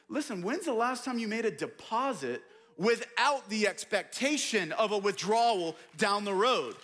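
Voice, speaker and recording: A young male pastor preaching with a high, bright voice that rings out sharply. He drives his points home emphatically, rising to loud declarations and dropping to quiet asides. The delivery is direct and conversational, addressed to a congregation. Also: animated, normal speed. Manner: emphatic preaching, swings between loud and hushed. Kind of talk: sermon.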